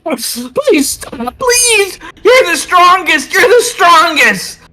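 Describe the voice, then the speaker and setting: A man voicing a skinny, bony male creature with five faces, taunting slowly and then wailing in fake pain. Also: very high voice, very animated, pushed and bright, a little hiss or hum, full character voice. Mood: fake whimpering.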